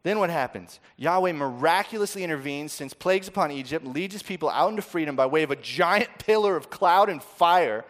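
A man preaching a sermon, swinging from loud, dramatic quoting to soft, intimate asides. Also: fairly high pitch, lively intonation, brisk, hardly any pauses.

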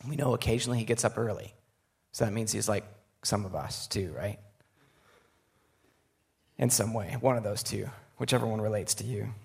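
Gravelly-voiced man preaching a sermon. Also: on the low side, fairly even intonation, normal speed, long pauses. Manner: earnest, conversational asides to the audience. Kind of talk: sermon with scripture reading.

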